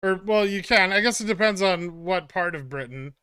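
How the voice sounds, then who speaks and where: Sarcastic, bright-voiced male streamer. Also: high-pitched, lively intonation, normal speed, smooth, no room sound, studio quality. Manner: sarcastic and teasing, swears freely. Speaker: stock market streamer. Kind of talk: casual live-stream chat, reacting to viewer comments.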